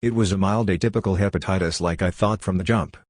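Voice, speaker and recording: Low-voiced guy reading old letters like an audiobook, steady and even, dry close sound. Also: fast talker, no echo. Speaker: reader.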